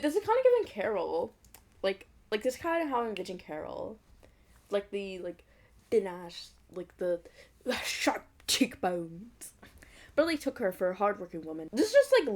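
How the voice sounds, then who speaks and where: A young woman reading a fan fiction aloud at an ordinary pitch. She keeps breaking off with giggly, mocking asides about the story. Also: big pitch swings, moderate pace, darkish tone. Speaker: fanfic reader.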